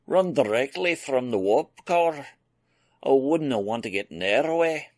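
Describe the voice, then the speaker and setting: An eager older Scottish engineer bounds through his lines, as a male narrator puts him on well above his usual range and much louder. The brogue is thick and the delivery rides on barely contained excitement. The recording is dry and close, with nothing behind the voice. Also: medium pitch, a little slow, dry recording, voice pushed up. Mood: knowing. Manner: eager, bursting with enthusiasm.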